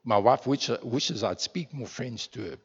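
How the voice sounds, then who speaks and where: A man's voice: medium pitch, lively intonation, measured pace. A man from South Africa preaching a sermon to his congregation, talking conversationally with many rhetorical questions and repeated words. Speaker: pastor. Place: church. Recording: muffled sound in a reverberant church hall.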